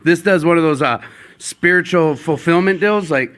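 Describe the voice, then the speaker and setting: A man's voice: a little high, normal speed, fairly bright tone, no echo. Joking male podcast host, dry sound. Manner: self-deprecating, joking, rambling. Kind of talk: casual recovery podcast chat.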